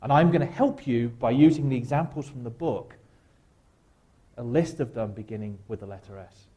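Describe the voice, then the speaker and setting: A guest speaker at a church, a man, talks his listeners through a slow reflective exercise. His voice is mellow and dark, with a wry, gentle humor at a middling pitch. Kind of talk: guided reflection talk at church. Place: church sanctuary.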